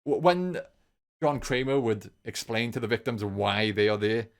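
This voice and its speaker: In a fairly low voice at a moderate pace, a man rambles through a lengthy solo review of a film. His take is casual and enthusiastic, and he keeps returning to the same points repeatedly.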